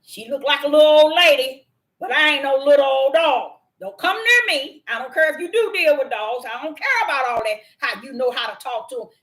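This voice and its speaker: A woman voicing a male dog who is meek with his owner and fierce with strangers, in a low, hushed drawl. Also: brisk. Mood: defiant.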